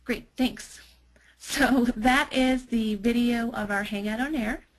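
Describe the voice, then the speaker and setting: A woman's voice: a little high, takes it slowly, low-quality recording. A woman presenting a webinar product demo as a marketer, chatty, with many fillers and restarts.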